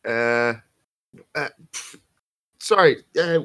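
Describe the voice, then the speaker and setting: A man's voice: medium pitch, a little slow. A man playing a character in a tabletop game, speaking hesitantly with many ums and restarts. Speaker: player. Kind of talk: tabletop role-play.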